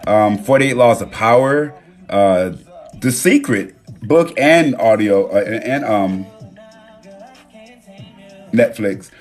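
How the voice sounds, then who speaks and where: A man hosting a live stream from his phone, talking in a relaxed, reflective way with loose slang and pausing to read viewer comments. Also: lowish voice, soft background music. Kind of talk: casual live-stream talk. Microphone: phone mic.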